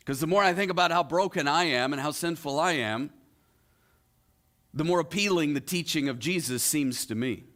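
A male pastor preaching a sermon, retelling a story with rhetorical questions and dramatic pauses. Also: fairly high pitch, a bit bright.

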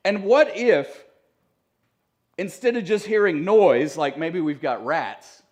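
A pastor preaching a sermon in a church, talking conversationally with joking asides to the congregation. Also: male voice, high-pitched, lively intonation, takes it slowly, darkish tone. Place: church sanctuary.

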